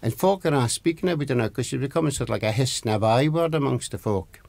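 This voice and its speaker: A man's voice: medium pitch, animated, quick pace, vocal fry, a little mellow, dry recording. A man with an Aberdeen Scottish accent telling a traditional folk tale, lilting and repeating words for emphasis. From Scotland. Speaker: storyteller.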